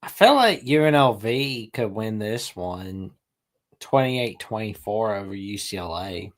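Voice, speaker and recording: A man's voice: lowish voice, expressive, measured pace. A man in casual sports talk who speaks bluntly and plainly as he gives his picks. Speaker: co-host.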